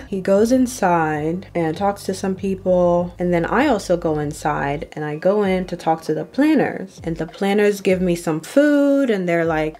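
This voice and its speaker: Lively young woman telling a story. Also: fairly low pitch, unhurried. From Ohio, USA. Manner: animated storytelling, acts out quoted voices. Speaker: makeup artist vlogger. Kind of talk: storytime while getting ready.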